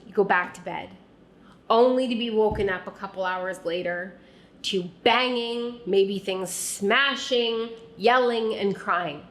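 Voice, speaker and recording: Speaking in the second person, a woman earnestly narrates her own history to the listener, calling them "you." Her pitch is ordinary and her pace slow and unhurried, and she often slips into a soft, quiet tone.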